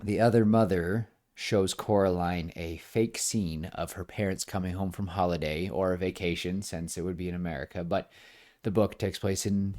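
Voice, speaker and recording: A man co-hosting a podcast, chatting casually as he pitches a film idea and acts out bits of dialogue along the way. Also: fairly even intonation, moderate pace, a little mellow. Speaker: podcast co-host. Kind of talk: casual pitch-meeting chat.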